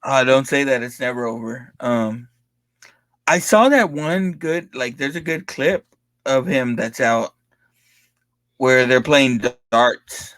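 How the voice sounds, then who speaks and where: A man's voice: mid-range voice, expressive, slow pace, fairly bright tone, no echo. A man co-hosting a podcast in casual chat, laughing often and swearing freely, full of likes and restarts. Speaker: podcast co-host.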